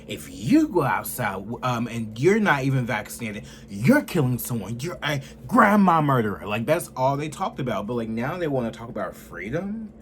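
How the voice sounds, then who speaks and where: Young man ranting with wildly swinging pitch. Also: sing-song, moderate pace, few pauses, slight background noise. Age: 20s. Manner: heated, profane, swings between loud outbursts and muttering. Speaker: political commentator. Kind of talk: profane ranting commentary.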